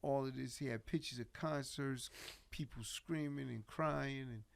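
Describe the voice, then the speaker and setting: Gravelly man telling an animated story. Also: medium pitch, unhurried. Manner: animated, laughs often, acts out quotes. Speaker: podcast guest. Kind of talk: casual storytelling chat.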